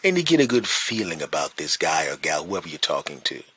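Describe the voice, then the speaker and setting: A man's voice: rumbling low, sing-song, a little fast, bright, forceful tone, husky, dry recording. A man, a stand-up comedian hosting a podcast, telling a casual story and checking in with "right?" and "you know.".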